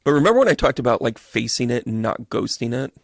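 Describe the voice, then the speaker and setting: A man with a gravelly, fry-edged voice runs a live tarot reading, animated and swearing freely as he talks to viewers. The sound is dry and close. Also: mid-range voice, no room sound. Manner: animated and profane, acting out quick voices. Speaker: medium doing tarot readings.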